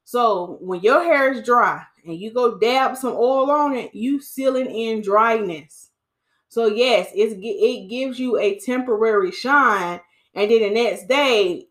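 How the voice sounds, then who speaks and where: A woman hairstylist hosting a podcast, giving casual hair-care advice in a preachy, animated way and calling listeners sis. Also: fairly high pitch.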